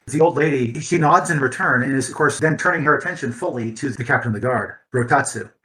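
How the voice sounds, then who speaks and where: A man running a tabletop role-playing session, his voice bright and a bit forceful. He narrates scenes loosely, circling back with fillers and restarts as he goes. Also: mid-range voice, fast talker, low-quality recording. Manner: rambling, many fillers and restarts while narrating. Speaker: game master.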